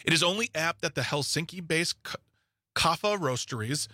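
A man's voice: on the high side, animated, normal speed, bright, forceful tone, dry recording, studio quality. A man co-hosting a casual podcast, reading news headlines aloud with joking asides and stumbles.

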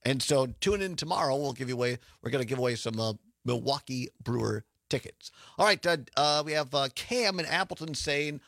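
A man's voice: mid-range voice, lively intonation, brisk, vocal fry, few pauses, a bit bright, no echo. A man hosting a call-in radio show in a studio, chatting casually, joking and laughing often. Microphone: studio microphone.

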